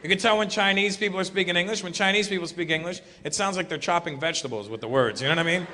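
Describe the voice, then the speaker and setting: High-voiced stand-up comedian. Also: male voice, very fast. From Canada. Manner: loud, animated, jumps into mocking voices. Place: large live comedy venue. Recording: echoey live hall recording with crowd noise.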